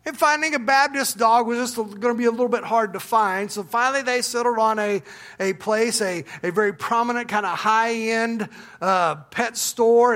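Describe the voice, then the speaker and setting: A man preaching as pastor, in a relaxed storytelling manner with restarts and asides. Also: very high-pitched. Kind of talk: sermon with a told joke. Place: church.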